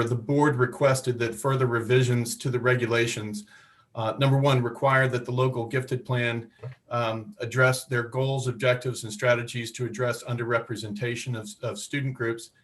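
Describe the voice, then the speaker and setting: A man from the department staff presenting regulation changes formally, with occasional fillers. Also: mid-range voice. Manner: reads prepared remarks with fillers.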